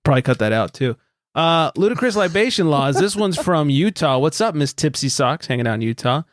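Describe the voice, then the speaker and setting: A man's voice: a little high, big pitch swings, a little fast, no echo, clean studio sound. A man co-hosting a casual podcast chat. He is laid-back, laughs often and swears freely. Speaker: podcast co-host.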